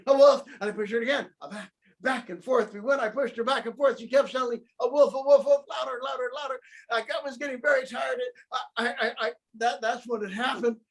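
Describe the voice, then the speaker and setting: Speaking in a very high voice, a man plays the wolf and tells the story from his point of view on a video call. He sounds wronged and put-upon, with animated voices for the characters.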